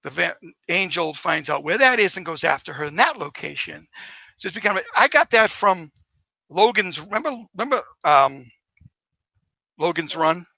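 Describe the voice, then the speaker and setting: A male author guest who tells stories in a rambling, enthusiastic way. His voice is gravelly and sharply bright. It sounds dry and close. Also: a little high, big pitch swings, moderate pace, no room sound, poor audio. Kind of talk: casual interview.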